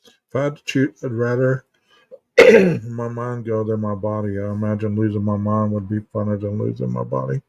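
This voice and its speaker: A man's voice: lowish voice, fairly even intonation, normal speed, vocal fry, no echo, distant mic. A man hosting a casual live stream as a therapist, telling stories and answering chat in a rambling way full of restarts and fillers. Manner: rambling, many restarts and "you know" fillers, storytelling. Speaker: host, therapist. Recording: dull, muffled sound from a mic set back.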